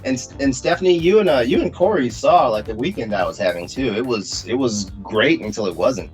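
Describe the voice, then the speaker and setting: A man co-hosting a casual podcast while sick with a hoarse voice, talking in a halting, self-mocking way. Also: medium pitch, expressive, faint music behind. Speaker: podcast co-host.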